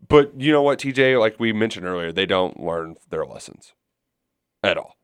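A man's voice: fairly low pitch, lively intonation, normal speed, smooth, no echo, studio quality. A man co-hosting casual sports talk, rambling and conversational with frequent restarts.

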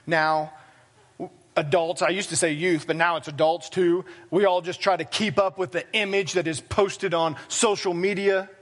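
A man's voice: sits high, fairly even intonation, moderate pace. A man preaching a sermon as pastor, talking plainly and conversationally with self-deprecating asides. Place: church sanctuary.

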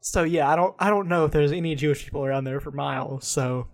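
A man's voice: fairly high pitch, quick pace, vocal fry. A man co-hosting a podcast, teasing his friends with questions in casual banter. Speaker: podcast co-host.

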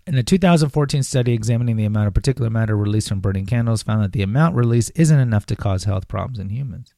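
His voice fairly low, gravelly, and warm, a podcast host races through casual health commentary with plenty of expression. He reads a passage, then veers into rambling sarcasm. The studio sound is clean and dry.

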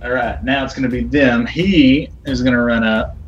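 A man's voice: mid-range voice, normal speed, highs cut off. Chill guy gm narrating the fight, echoey room, little music behind. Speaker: game master. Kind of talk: running a tabletop game over voice chat.

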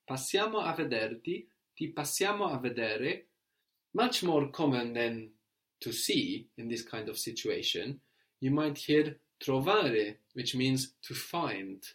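A man's voice: medium pitch, lively intonation, fairly bright tone. Patient male language teacher. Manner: patient, prompting questions, slows to model phrases. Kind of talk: guided language lesson.

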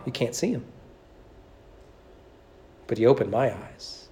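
A man preaching with emphasis, driving his points home with repeated phrases and pointed rhetorical questions. His voice sits at an ordinary middle pitch for a man. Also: a little mellow. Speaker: pastor. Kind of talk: sermon.

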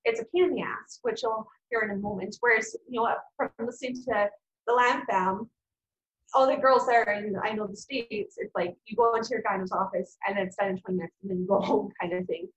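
A woman, guesting on a podcast and telling a personal story in a frank, blunt, animated way, swearing freely. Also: medium pitch, fairly quick, roomy sound, muffled recording. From Canada. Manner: animated, acts out quoted people. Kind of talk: casual storytelling.

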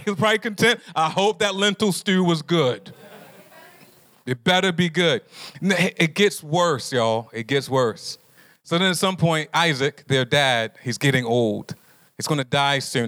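A man's voice: fairly high pitch, fairly bright tone. A man preaching a sermon to a live group in a conversational way, often putting questions to his listeners. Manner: conversational, asks the audience questions. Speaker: pastor.

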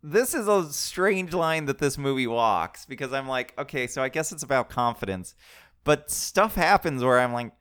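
A man's voice: mid-range voice, animated, moderate pace, a bit bright, smooth. A man co-hosting a podcast, adding wry, sarcastic asides during casual movie chat. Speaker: podcast co-host.

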